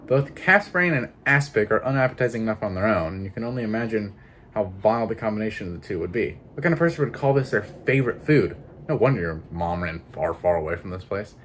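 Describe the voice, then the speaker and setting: Low-voiced man reading a game aloud. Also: lively intonation, fast, a little hiss or hum. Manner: casual, swearing, laughing asides. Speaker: gameplay streamer.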